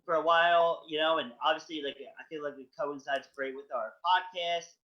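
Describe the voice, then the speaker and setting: A man's voice: on the high side, steady tone, normal speed. A man co-hosting a podcast, talking in a rambling, enthusiastic casual chat full of fillers. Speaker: podcast co-host. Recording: dull lo-fi stream audio.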